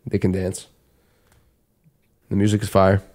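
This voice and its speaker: Low-voiced New York man, rambling. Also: unhurried. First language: Russian. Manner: rambling, animated storytelling. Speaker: podcast co-host. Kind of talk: casual chat.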